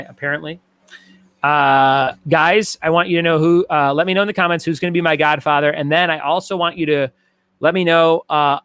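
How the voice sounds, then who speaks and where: A man hosts a relaxed live-streamed movie trivia game. He repeats each question and reads out viewer comments between rounds. His voice sits a bit high, and the room sounds dry and close. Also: no room sound. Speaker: trivia host.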